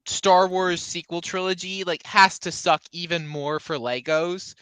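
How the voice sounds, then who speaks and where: Bright, crisp-voiced man chatting casually. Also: high voice, steady tone, measured pace, no echo, poor audio. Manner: hesitant, full of filler words. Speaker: podcast guest. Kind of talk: casual chat.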